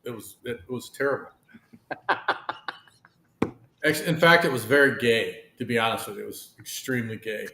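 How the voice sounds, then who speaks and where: Blunt teasing guy on a live stream, mid pitch, echoey room sound. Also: moderate pace, pauses often, sharp tone, slight background noise. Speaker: co-host. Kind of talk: casual live show chat.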